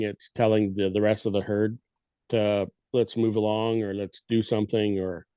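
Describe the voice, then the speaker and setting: A man's voice: mid-range voice, dark tone, no room sound. Man explaining elk calls on a dry mic. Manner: demonstrates elk calls with his voice. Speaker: guest elk calling expert. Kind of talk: casual podcast explanation.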